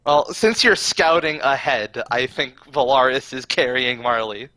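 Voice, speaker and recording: A man playing a tabletop game in casual chat, relaxed and stop-start as he plans. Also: mid-range voice, a little slow. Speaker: player.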